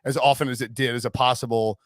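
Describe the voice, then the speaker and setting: A man hosting a casual sports podcast, chatty and quick to laugh as he talks. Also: medium pitch, little pitch movement, no echo, studio quality. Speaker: podcast host.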